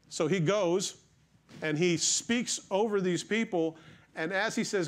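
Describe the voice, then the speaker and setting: Man preaching, higher voice, vivid storyteller, talks to his flock. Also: unhurried. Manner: storytelling, animated, addresses congregation. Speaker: pastor. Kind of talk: sermon.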